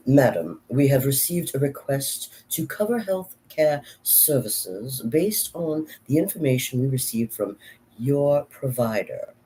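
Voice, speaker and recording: A woman reading an official letter aloud in a put-on British accent, slow and stiff. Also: very deep voice, a little hiss or hum, full character voice, low-quality recording.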